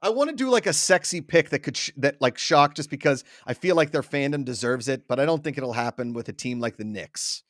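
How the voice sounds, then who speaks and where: A man's voice: medium pitch, lively intonation, fairly quick, hardly any pauses, no room sound, studio quality. A man in his thirties co-hosting a casual sports chat, rambling through stories in a chatty way. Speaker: co-host.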